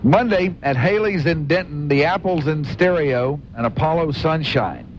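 A man's voice: animated, moderate pace. A man co-hosting a radio show, reading concert listings between jokes from the others. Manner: reads listings, laughs between items. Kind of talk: casual radio banter. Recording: muffled radio recording with faint rumble.

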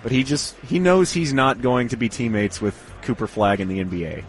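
A man's voice: mid-range voice, a little fast, soft background music. A man co-hosting a casual sports talk show, chatting and joking in easy banter. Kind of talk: casual sports radio chat.

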